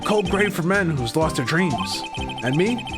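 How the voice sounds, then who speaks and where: A streamer voicing a gruff, moody cowboy patrolman in a slow, low Western drawl, reading game dialogue aloud. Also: big pitch swings. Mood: brooding. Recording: game music playing behind.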